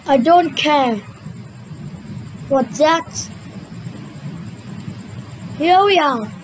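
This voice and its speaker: Very high-voiced woman reading slowly. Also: slight background noise, rough recording. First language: Vietnamese. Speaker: storyteller voicing a cartoon retelling. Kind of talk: slow children's story reading.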